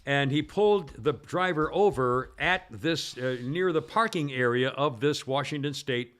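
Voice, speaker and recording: A man's voice: fairly high pitch, a little slow, a bit bright. A man hosting a casual news talk show, rambling with many fillers and restarts. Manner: acts out quoted people in a raised voice. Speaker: podcast host.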